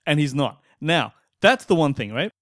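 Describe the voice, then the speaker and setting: A man co-hosting a film review podcast in casual chat, opinionated and animated, laughing often. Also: fairly high pitch, normal speed, dry recording, clean studio sound.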